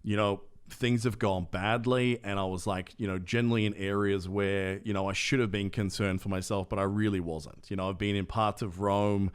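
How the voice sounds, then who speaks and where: A man's voice: lowish voice, moderate pace, few pauses, clean tone. A man co-hosting a podcast, telling a story casually and acting out the lines of the people in it. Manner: animated storyteller who acts out other people's lines. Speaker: podcast co-host.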